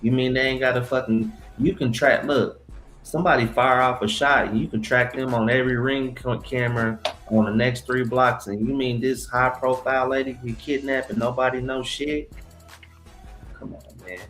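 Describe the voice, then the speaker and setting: A man's voice: medium pitch, little pitch movement, normal speed, a bit bright, low-quality recording. A man with a mid-range voice, co-hosting a podcast and ranting hard with plenty of swearing. Faint music plays behind the talk. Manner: heated, profane ranting. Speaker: podcast co-host. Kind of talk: casual chat.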